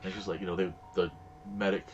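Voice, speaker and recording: While gaming on stream, a man rambles through stories, performing the quoted voices of the characters. His low voice is level in tone and quick, with highs cut off and soft background music.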